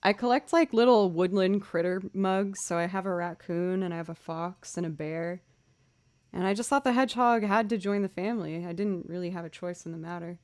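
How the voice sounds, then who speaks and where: Her voice on the low side with a darkish tone, a young Boston-area streamer and musician chats briskly with her audience. It's a casual livestream, and she's bubbly and talkative, saying hi to people by name.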